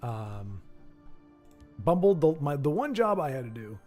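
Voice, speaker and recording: A man's voice: on the high side, big pitch swings, measured pace, darkish tone, soft background music. A man giving casual, self-deprecating live-stream commentary on a card game match. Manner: rambling, self-deprecating, joking. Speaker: streamer and caster.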